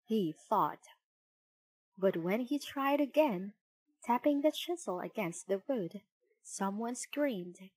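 A woman narrating a children's storybook in a clear, measured reading. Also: mid-range voice, lively intonation, no room sound, rough recording.

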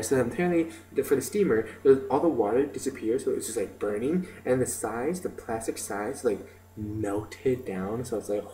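A man's voice: medium pitch, moderate pace, mellow, slight background noise, rough recording. A man telling stories in a casual video diary, rambling with lots of "like" and "um". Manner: rambling, filler-heavy storytelling with many "like" and "um". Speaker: video diarist.

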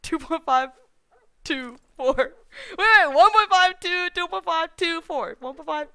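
A woman's voice: extremely high pitch, lively intonation, moderate pace, sharp tone. A woman streamer giving live gameplay commentary, thinking aloud and rambling to herself with playful folksy slang.

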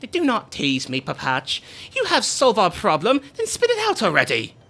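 A man's voice: high voice, wildly swooping pitch, normal speed, bright, forceful tone, voice pushed up, exaggerated voice. A man putting on a pompous boastful rich sailor. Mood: bossy. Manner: grandiose, theatrical, self-admiring. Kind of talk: reading game dialogue aloud.

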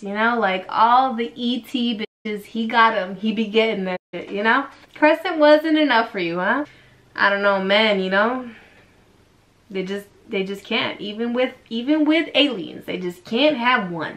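A woman's voice: medium pitch, fairly bright tone. A woman vlogger casually retelling a strange story, sassy and slangy, acting out the quotes.

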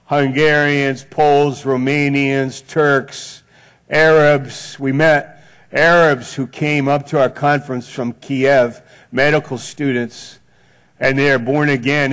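A male pastor preaching a sermon in a church, slow and deliberate, building on repeated phrases. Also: on the high side, clean tone. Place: church sanctuary.

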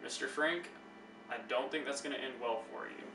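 A man's voice: medium pitch, moderate pace, background noise, natural voice. An actor playing a male caretaker who coaxes and taunts a patient. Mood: coaxing. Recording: echoey and distant, faint music.

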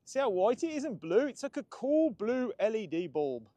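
A man's voice: very high voice, sing-song, normal speed, mellow, dry recording. A man hosting a casual livestream outdoors, chatting and greeting viewers by name. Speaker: livestream host. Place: outdoors in sunshine.

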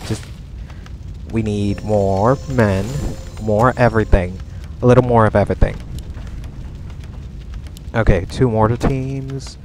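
A man's voice: on the low side, steady tone, takes it slowly, pauses often, darkish tone, slight background noise. A man commentating his own strategy game as he plays, swearing and panicking as his base comes under attack. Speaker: gamer. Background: game music and battle sounds.

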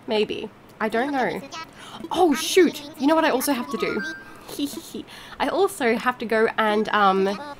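A young woman giving casual let's-play commentary, chatty and excitable, cheerfully swearing at the game. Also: on the high side. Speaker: gaming video creator.

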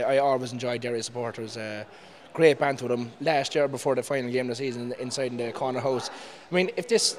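A man, a football supporter answering interview questions, enthusiastic with halting restarts. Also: medium pitch.

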